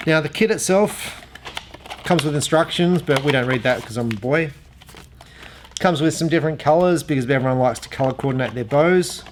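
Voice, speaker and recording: Man, slightly high voice, chatty shop owner, rambling, faint noise behind. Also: moderate pace. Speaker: archery shop owner reviewing gear. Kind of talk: casual product demo. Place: archery shop.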